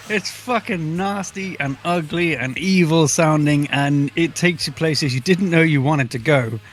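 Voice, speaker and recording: A man's voice: a little high, a little slow. A man co-hosting a casual album review podcast, joking crudely and laughing often.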